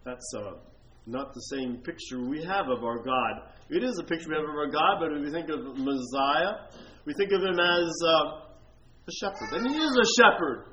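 A man preaching a sermon, reading scripture aloud slowly and loudly, then explaining it in a quieter voice. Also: fairly high pitch, dull audio. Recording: echoey room with faint noise.

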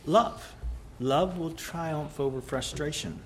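A man preaching a sermon, rising to loud emphatic peaks and dropping to quiet, soft passages. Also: a little high, slow pace, slight background noise.

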